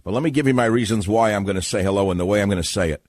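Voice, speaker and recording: A man's voice: lowish voice, racing, darkish tone, dry recording, clean studio sound, natural voice. A man putting on a pompous male senator who talks in endless preambles. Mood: mock-formal. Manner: mock-formal, endlessly preambling.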